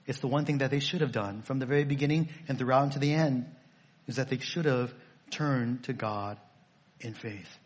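Husky emphatic preaching man. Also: medium pitch, normal speed. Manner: emphatic and repetitive, asks rhetorical questions. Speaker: pastor. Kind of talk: sermon.

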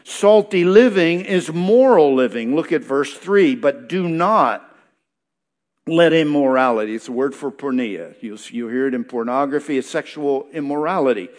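A man with a fairly high voice delivers a sermon, reading verses and unpacking them phrase by phrase. His delivery is emphatic and repetitive, building points in short punchy lines. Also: lively intonation, moderate pace. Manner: expository preaching, reads verses then explains, emphatic repetition. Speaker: pastor.

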